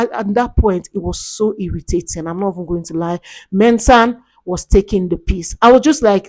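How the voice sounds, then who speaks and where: A woman's voice: mid-range voice, a little fast, a little mellow, no echo. A young Nigerian woman with a Nigerian accent, chatting animatedly about reality show drama and slipping into Pidgin asides. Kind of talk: casual chat.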